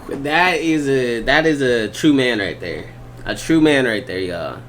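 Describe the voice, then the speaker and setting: Man, reaction host, very slow speech, emphatic, faint background hum. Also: medium pitch, animated, a bit bright. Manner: emphatic, repeats himself, says "bruh". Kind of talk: casual reaction commentary.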